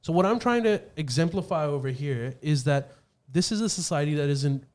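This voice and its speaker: Man, somewhat high voice, methodical explainer, casual host. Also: lively intonation, a little fast, a little mellow. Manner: explanatory, methodical, hesitant restarts. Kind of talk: casual chat.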